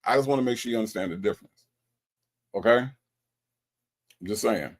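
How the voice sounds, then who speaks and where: A man's voice: lowish voice, moderate pace. Male stream host, confrontational commentary, repetitive delivery. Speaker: livestream host. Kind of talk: commentary on call recordings.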